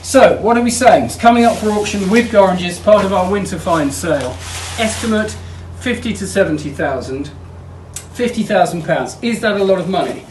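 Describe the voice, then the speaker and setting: A chatty, joking man talks up auction lots with easy enthusiasm, his voice at a middling pitch. He stands some way back from the mic in a sale room. The room rings with echo, and a faint hum of ambience sits underneath. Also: moderate pace. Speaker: auction house presenter. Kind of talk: casual sale preview walkthrough. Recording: echoey room, mic at a distance.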